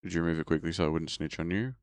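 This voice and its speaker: A man's voice: deep voice, very fast, smooth, dry recording. A man streaming games, chatting casually in a rambling, self-mocking way. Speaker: game streamer. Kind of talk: casual game-stream chat.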